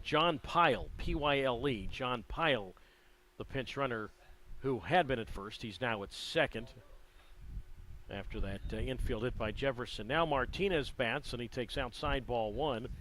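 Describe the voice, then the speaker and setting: A man calling a baseball game play-by-play, his delivery measured and conversational with the odd dry aside. His voice sits at an ordinary middle pitch. A faint hum of background noise runs under him. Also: a bit bright, low-quality recording. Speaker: play-by-play announcer.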